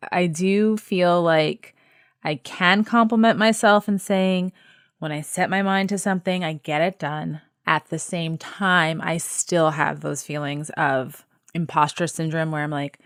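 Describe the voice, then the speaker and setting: A woman's voice: deep voice, fairly even intonation, a little slow, clear, resonant tone, no echo, studio quality. A woman hosting a podcast in a candid conversation, chatty and self-deprecating, with many "like"s. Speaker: podcast host.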